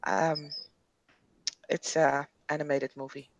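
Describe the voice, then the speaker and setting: A woman playing a tabletop role-playing game, talking softly and hesitantly with many fillers, on a dull lo-fi recording. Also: low-pitched, level tone, slow pace, no echo. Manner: soft-spoken, hesitant, with frequent fillers. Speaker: player. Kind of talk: casual chat at a tabletop game. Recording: dull lo-fi sound.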